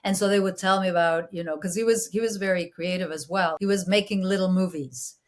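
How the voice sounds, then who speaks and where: Animated woman from Mexico, a bit low. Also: brisk. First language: Spanish. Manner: animated, full of restarts, playfully mimics voices. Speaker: actress and producer, guest. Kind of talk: conversational interview storytelling.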